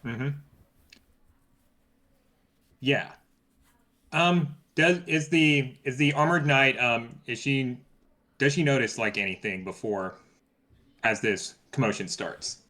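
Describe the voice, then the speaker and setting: A man's voice: medium pitch, unhurried, sharp tone. A man playing a tabletop game, asking careful questions with fillers. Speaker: player. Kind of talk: casual tabletop play.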